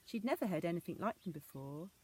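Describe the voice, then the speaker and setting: A woman reading an old fairy tale aloud as a storyteller, in a measured storybook manner. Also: lowish voice, animated, darkish tone, breathy edge.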